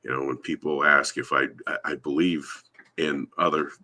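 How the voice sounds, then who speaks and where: A man's voice: very deep voice, flat delivery, normal speed, pushed and bright. A man from the Yakama Reservation in Washington, telling a long rambling story as a podcast guest over a remote call. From Yakama Reservation, Washington, USA. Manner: rambling anecdotal storytelling, acts out quoted voices. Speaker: guest, Sasquatch researcher. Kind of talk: storytelling in a live podcast interview.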